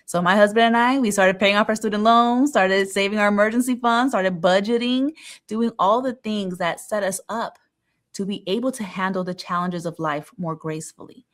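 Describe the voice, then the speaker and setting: An adult woman with a mid-range voice speaks as a guest on a podcast. She talks in a direct, emphatic way, leaning hard on her main points. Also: medium pitch. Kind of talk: conversational interview.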